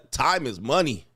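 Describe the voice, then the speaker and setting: A breathy edge colors this middle-aged man's medium-pitched voice as he hosts an easygoing livestream. Animated and slangy, he laughs through a story and reads audience messages aloud.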